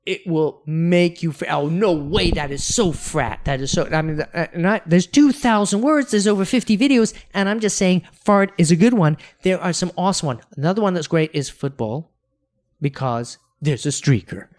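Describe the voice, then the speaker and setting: Animated, chatty male podcast co-host. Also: high-pitched, normal speed. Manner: animated storyteller, acts out quotes, many restarts. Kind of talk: casual podcast chat.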